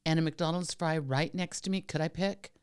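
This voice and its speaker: A woman co-hosting a podcast in playful casual chat, laughing often and pitching whimsical ideas. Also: fairly even intonation, normal speed, clear, resonant tone. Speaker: podcast co-host.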